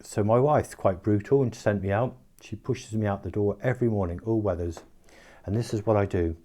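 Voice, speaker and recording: An older man chatting in a relaxed, self-mocking way as he talks through his daily home exercise routine. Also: fairly low pitch, a little fast. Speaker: home video diarist. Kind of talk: casual home video talk.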